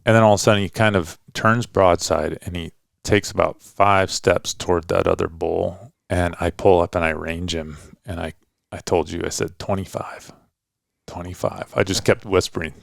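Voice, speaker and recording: Deep gravelly middle-aged guy, laid-back rambly hunting story, dry close mic. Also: no room sound. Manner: relaxed storytelling, loose and rambling with frequent "kinda" and "like". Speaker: podcast host and hunting dad.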